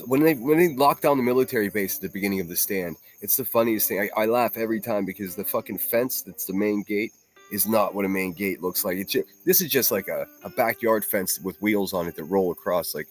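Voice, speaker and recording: Laughing, profane livestream host, low voice. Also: male voice. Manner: profane, laughing, rambling mockery. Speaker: livestream host reacting to clips. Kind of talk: casual livestream chat.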